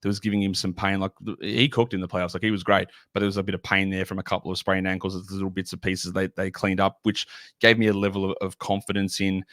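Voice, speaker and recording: A man with a somewhat low voice, guesting on a casual podcast. He analyses fantasy basketball picks in loose, winding sentences full of restarts and "like". His voice sounds dry and close. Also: fairly bright tone, no echo. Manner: rambling, self-correcting, lots of "like".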